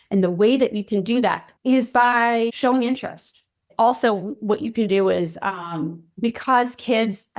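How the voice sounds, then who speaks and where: A woman's voice: medium pitch, creaky. A woman hosting a podcast, talking earnestly to parents in a coaching tone and often checking in with "right?" or "okay?". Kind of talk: solo podcast talk.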